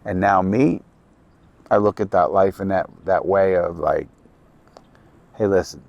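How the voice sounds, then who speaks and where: Gravelly deep-voiced New York man. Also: measured pace, a little mellow, dry recording, lo-fi sound. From New York City. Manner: blunt, profane, rambling and earnest. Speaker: ex-criminal vlogger. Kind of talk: casual outdoor talk to camera. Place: outdoors at a lakeside campground.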